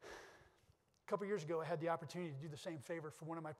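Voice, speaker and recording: Long hall reverb surrounds this middle-aged man as he gives a conference keynote full of personal stories. He speaks earnestly and quickly with a steady tone on the high side, often starting his sentences over.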